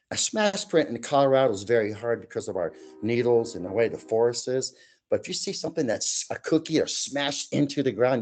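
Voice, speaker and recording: A man telling his own eerie outdoor experiences to an interviewer, in an animated way that acts out the other people in the story. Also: mid-range voice. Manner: animated, acts out quoted voices. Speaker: guest storyteller. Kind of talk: telling personal paranormal stories.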